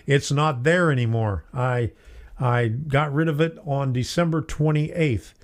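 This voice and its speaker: Man, middle-aged, slightly high voice, casual live-stream host, chatty, laughs often. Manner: chatty, laughs often, reads viewer comments aloud.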